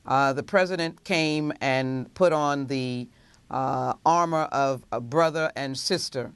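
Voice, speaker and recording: A woman legislator gives a measured television interview answer, pausing often to gather her words. Her voice is recorded close and dry, with no room sound at all. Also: very deep voice, clear, resonant tone, no room sound. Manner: measured, many filler pauses. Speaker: congresswoman.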